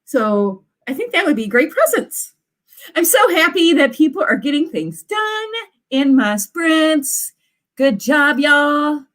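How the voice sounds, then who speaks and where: A woman's voice: high voice, very animated, slow pace, fairly bright tone. A woman, an author hosting live writing sprints and chatting casually with viewers in a bubbly, gushing way. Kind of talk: casual livestream chat.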